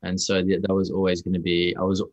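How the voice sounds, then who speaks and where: A man's voice: deep voice, fast talker, no room sound, dull audio. A young Australian man, an actor guest, telling stories in a casual interview with rambling restarts. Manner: rambling, restarts often, lively storytelling.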